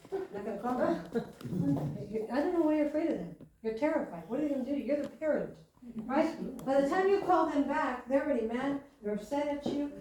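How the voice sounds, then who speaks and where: High-voiced woman preaching in an echoey hall. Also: mellow. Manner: chatty storytelling with slow emphatic lines. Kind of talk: sermon. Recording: echoey hall from far off, faint hiss.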